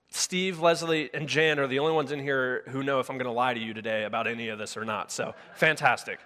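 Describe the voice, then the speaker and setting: Speaking to a live congregation in a church sanctuary, a male pastor with a medium-pitched, fairly bright voice gives a conversational sermon. He often self-corrects, restarts sentences, and uses fillers, all carried by long hall reverb.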